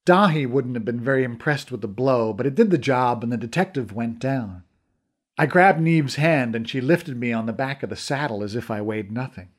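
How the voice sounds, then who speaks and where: Expressive male audiobook narrator. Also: mid-range voice, normal speed. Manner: expressive, voices characters. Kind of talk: scripted first-person narration.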